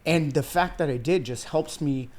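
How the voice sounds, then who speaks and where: A darkish voice on the high side, at normal speed, comes from an Iranian man in his thirties who coaches weight loss. During a casual podcast interview he earnestly tells his life story, refers to the host as "man" and "dude," and now and then comes close to crying.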